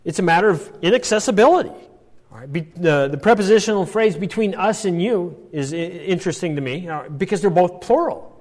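A man's voice: sits high, expressive, brisk, darkish tone, long reverb tail. A man teaching a Bible passage, explaining step by step and checking in often with "all right" and "right?".

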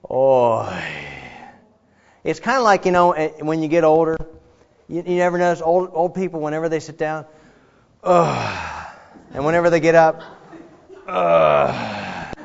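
A man preaching a sermon in a conversational, animated way, with frequent fillers and restarts. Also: a little high, muffled recording. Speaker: pastor.

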